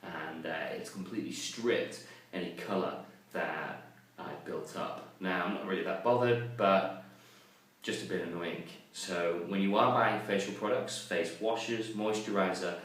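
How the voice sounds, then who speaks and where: A man's voice: deep voice, a little slow, fairly bright tone. A man vlogging in a chatty, self-deprecating way, telling stories about his own mishaps. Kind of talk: casual vlog chat. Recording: very echoey room, mic at a distance.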